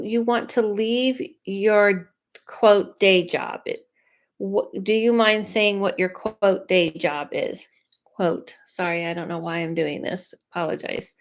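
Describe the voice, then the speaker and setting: A woman of middle pitch hosts a live psychic reading stream. She chats loosely, trails off and restarts her sentences as she works through viewers' questions. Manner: chatty, self-interrupting, thinks aloud; reads viewer questions aloud. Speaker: psychic medium.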